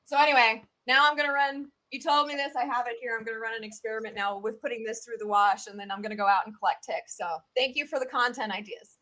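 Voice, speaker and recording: This Southern-accented woman, a slightly high-voiced expert guest, chats through a casual interview at a quick pace with few pauses. She's animated and leans heavily on fillers.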